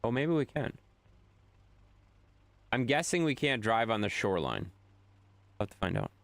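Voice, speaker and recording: Young male streamer, casual live chat, playful repeats, lively up-and-down pitch. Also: normal speed, vocal fry, dry recording. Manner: reads chat aloud and answers it, joking and repeating himself. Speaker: game streamer. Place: home room with a green screen.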